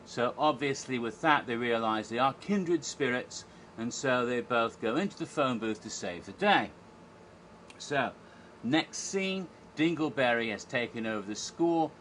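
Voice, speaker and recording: Retelling a live show from memory, this theme park event historian gets enthusiastic and rambly, full of fillers and restarts. He speaks a little slowly in an expressive, fairly bright mid-range voice, with slight background noise.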